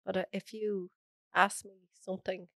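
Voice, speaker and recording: A woman's voice: mid-range voice, flat delivery, moderate pace, vocal fry, fairly bright tone, no room sound. An Irish woman, a podcast guest, earnestly recounting a personal story in close detail. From Ireland.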